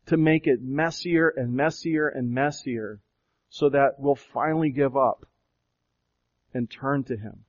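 A pastor preaching a sermon, questioning his listeners again and again, swelling with emphasis and slowing to draw out key phrases. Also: medium pitch. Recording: dull lo-fi recording.

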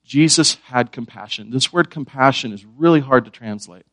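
A man preaches a sermon, asking his listeners questions and repeating his key words. His voice sits at an everyday middle pitch. The sound is close and dry. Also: moderate pace, fairly bright tone, dry recording. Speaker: pastor.

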